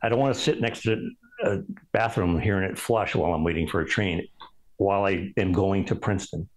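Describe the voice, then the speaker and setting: Deep-voiced man telling rambling stories. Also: rough recording. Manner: rambling, halting delivery full of ums and restarts. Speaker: architect guest. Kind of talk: storytelling in casual conversation.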